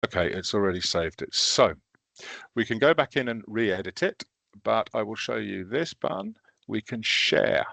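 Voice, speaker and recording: A man leading a recorded training session, walking through teaching software step by step in a casual, self-deprecating way. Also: on the low side, big pitch swings, moderate pace, vocal fry, no echo.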